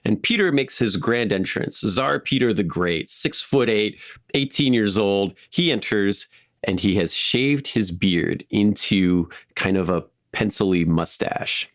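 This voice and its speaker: A man co-hosting a podcast, telling a history story in a casual, animated way with frequent fillers. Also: lowish voice, measured pace, dry recording, clean studio sound. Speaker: podcast co-host.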